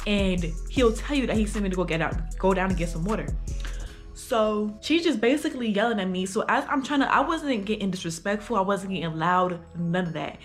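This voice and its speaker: A young adult woman telling a casual storytime for her vlog, talking in slang with lots of fillers. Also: medium pitch. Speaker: vlogger.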